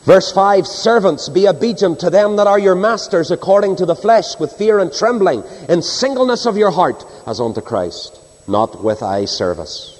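A man preaching a sermon and reading scripture, swinging between soaring high cries and low hushed drops. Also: lively intonation, normal speed, hardly any pauses. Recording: long hall reverb.

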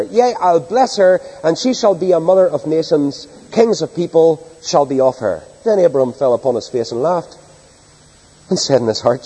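A man with a high, husky, dark-toned voice reads scripture during an evening sermon, delivering it dramatically and emphatically with wide pitch swings. A long reverb follows his voice, like in a large church hall.

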